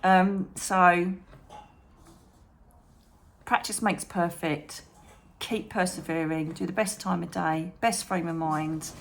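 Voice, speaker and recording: A woman chatting to camera about meditation as a psychic medium and channel host, animated, calling viewers darling and trailing off mid-thought. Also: on the low side, slow, creaky, long pauses, a little hiss or hum. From England. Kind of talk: chatty advice vlog to camera.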